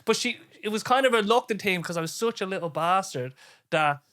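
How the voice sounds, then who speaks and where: A young Irish man hosting a casual podcast chat, loud and animated, laughing often. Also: high-pitched, a little fast. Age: young adult. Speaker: podcast host.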